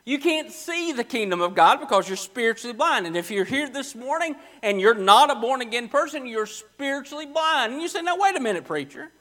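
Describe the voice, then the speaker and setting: High-voiced preacher. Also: male voice, lively intonation, sharp tone. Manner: emphatic preaching, repeating phrases with slow stressed words. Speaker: pastor. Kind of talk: sermon. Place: church sanctuary.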